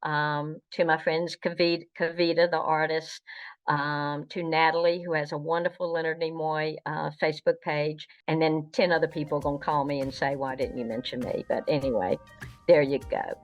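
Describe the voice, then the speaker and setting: An older woman speaks with a Southern American accent in a deep, low register. She pauses often and restarts her sentences as she talks. The recording sounds a little dull and muffled. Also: flat delivery, soft background music. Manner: hesitant, many fillers and restarts. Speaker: guest, Star Trek historian. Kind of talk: casual interview.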